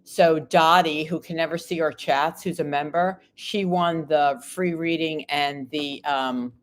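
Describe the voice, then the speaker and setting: The speaker is a woman with a low-sitting voice, a steady tone and a measured pace, heard over slight background noise. She's a tarot reader on a live stream who reads out viewers' questions and works through them card by card as she recovers from an illness.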